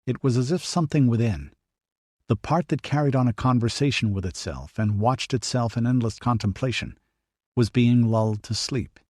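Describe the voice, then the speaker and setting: In a steady, even storytelling manner, a man narrates a scripted adventure audiobook. His voice is mid-range at a moderate pace, recorded in studio quality with no room sound.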